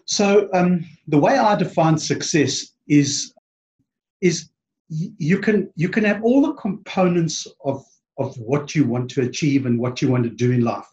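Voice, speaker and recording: A man's voice: fairly high pitch, measured pace, darkish tone. Hesitant South African man, slightly muffled. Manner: hesitant, many ums and restarts. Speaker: podcast guest. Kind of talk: casual interview chat.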